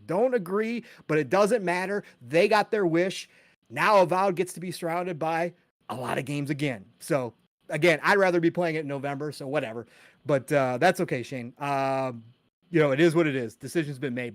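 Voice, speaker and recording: A man hosting a casual gaming podcast live stream, talking excitedly and reading out chat names with quick greetings and casual swearing. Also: on the high side, dry recording. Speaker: podcast host.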